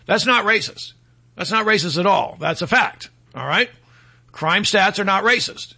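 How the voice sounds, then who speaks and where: A man's voice: high voice, lively intonation, moderate pace, vocal fry, bright, forceful tone, breathy edge. A man hosting a talk show, delivering a combative opinion monologue in a mocking tone and mimicking his opponents in quoted voices. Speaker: radio talk show host.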